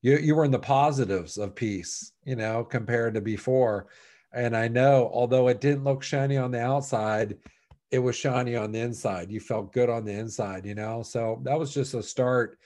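A man hosting an interview, speaking softly and haltingly as he thanks his guest. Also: medium pitch. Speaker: host.

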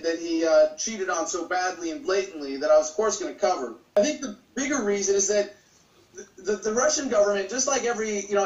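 A man argues his case with fervor as an interview guest, often repeating words to push a point. His voice sits high for a man. It sounds distant and roomy, as if he is recorded from across an echoey room. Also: a bit bright, dull audio. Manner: passionate, argumentative, repeats words when pushing a point. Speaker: guest, political campaigner. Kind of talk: emphatic interview answers.

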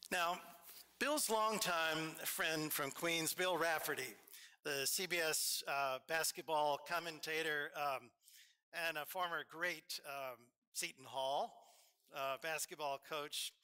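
A man's voice: fairly high pitch, clean tone. A man with an Alabama accent giving a eulogy at a memorial service in a church, telling stories with frequent fillers and asides. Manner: storytelling, warm asides, hesitant fillers. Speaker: officiant.

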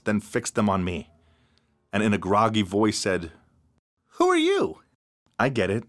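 A man narrating an animated story in a scripted, expressive first-person style. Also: lowish voice.

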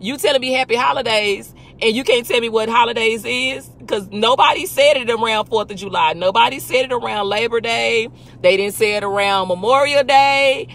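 A woman's voice: on the high side, moderate pace, hardly any pauses, a bit bright. A woman hosting a casual faith talk, emphatic and full of rhetorical questions. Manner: emphatic, rhetorical questions, talks back to imagined people. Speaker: host.

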